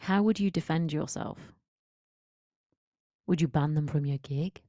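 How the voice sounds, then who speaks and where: A woman with a low voice coaching listeners on a solo podcast. She talks in a direct, emphatic, conversational way. The sound is close and dry, with no room echo. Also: a little slow, warm tone. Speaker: confidence coach.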